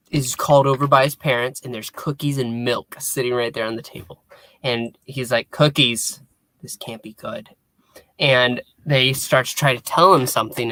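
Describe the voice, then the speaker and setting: A podcast co-host calmly summing up an episode's scenes, with small hesitations and quoted lines. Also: mid-range voice, no room sound. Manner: plain storytelling with little hesitations and quoted lines. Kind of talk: casual episode recap chat.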